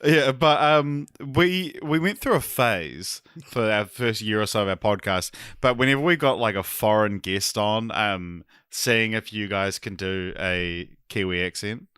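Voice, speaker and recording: A man's voice: lowish voice, measured pace, few pauses, fairly bright tone, clean tone, dry recording, clean studio sound. A man co-hosting a podcast, teasing his guests with frequent laughter. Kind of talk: casual podcast chat.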